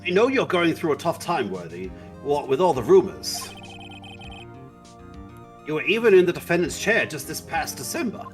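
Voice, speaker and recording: A man voicing a cold, brisk chief prosecutor in a live fan dub of a game, clipped and scolding. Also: fairly high pitch, big pitch swings, soft background music.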